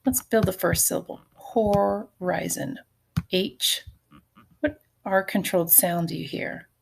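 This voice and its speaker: A middle-aged woman teaching a recorded phonics lesson, with a slightly low voice that has a gravelly edge. She talks slowly and patiently, sounding out each syllable and letter for her students. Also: darkish tone, slight background noise.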